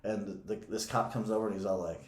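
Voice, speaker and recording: A man's voice: lowish voice, fairly even intonation, fast, slight background noise. Laughing, cursing young man telling a story. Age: young adult. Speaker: podcast co-host. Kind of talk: casual storytelling chat. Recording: echoey room.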